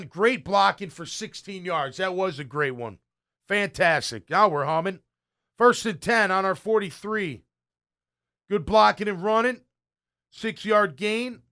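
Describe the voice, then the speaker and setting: This is a sports-show-host type, a middle-aged man with a fairly high voice, giving a relaxed play-by-play of game film. He's blunt and easily excited, alternating booming praise with quiet mumbled comments.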